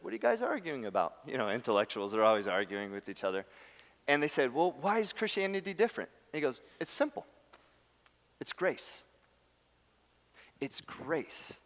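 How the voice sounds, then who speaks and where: A man preaching a sermon, telling a story with lively acted-out quotes and laughing asides. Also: mid-range voice. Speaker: pastor. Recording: long hall reverb.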